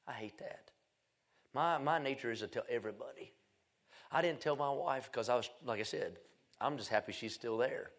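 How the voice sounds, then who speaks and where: A middle-aged man preaching a revival sermon. His voice has a gravelly edge and sits at an ordinary pitch. He tells his story in a folksy, self-mocking way, one moment loud and the next hushed. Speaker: evangelist.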